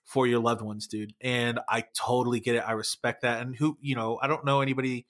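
A man's voice: mid-range voice, flat delivery, fairly quick, a bit bright. A man, a former band member, chatting casually on a podcast, swearing often and calling people man and dude. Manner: laid-back, swears often, says man and dude a lot.

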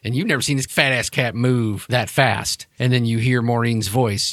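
A man's voice: mid-range voice, fairly even intonation, moderate pace, hardly any pauses, fairly bright tone, no room sound, studio quality. A man running a tabletop game as game master, narrating loosely and casually.

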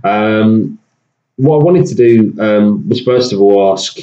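A man's voice: fairly low pitch, slow, dark tone. A man hosting a casual podcast, rambling with lots of fillers and restarts. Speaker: podcast host. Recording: echoey room, dull lo-fi sound.

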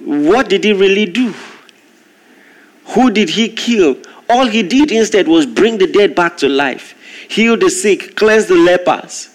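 A man preaching a sermon, telling a story with lively, animated delivery and acting out the voices in it. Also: sits high, a little slow.

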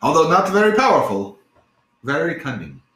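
A man's voice: a little high, sing-song, normal speed, pushed and bright, voice pushed up. A man voicing a cunning, easygoing male wizard who talks in a casual, slangy way, recorded in an echoey room. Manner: casual, slangy, mumbling asides.

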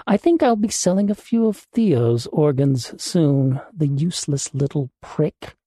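A man voicing a calm, calculating male black-market doctor in a storybook reading, with a fairly high but mellow voice. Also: a little slow, no echo, clean studio sound. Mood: calm menace. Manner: calm, calculating, matter-of-fact.

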